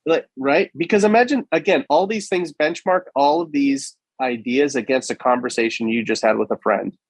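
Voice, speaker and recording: Man, podcast co-host, animated emphatic chat, mid pitch, dry close mic. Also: moderate pace, dry recording. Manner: animated, emphatic, acts out quoted reactions. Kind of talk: casual conversational podcast.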